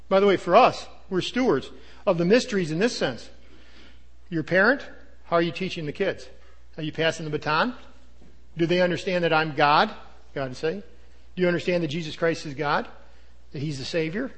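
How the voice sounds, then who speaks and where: An older man, a pastor, preaching a sermon in an animated way, with asides and acted-out quotes. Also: on the high side, fairly quick, pauses often.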